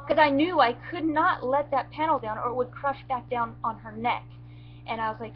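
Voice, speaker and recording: A woman telling how she rescued her injured baby goat, in a halting, emotional way with many restarts and near tears. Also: high voice, fairly even intonation, highs cut off, slight background noise. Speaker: goat owner telling what happened. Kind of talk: emotional first-person storytelling.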